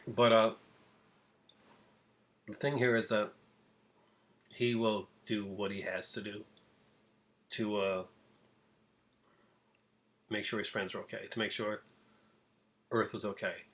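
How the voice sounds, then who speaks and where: A man talking casually to camera in a review video, his voice sitting a little low. He rambles, restarts his sentences and fills gaps with pauses as he goes. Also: flat delivery, fairly bright tone. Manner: rambling, many fillers and restarts.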